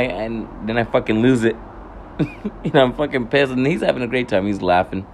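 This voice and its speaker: A man's voice: medium pitch, moderate pace, a little hiss or hum. A young man telling a casual, rambling story to his viewers, swearing often, correcting himself and laughing at his own anger.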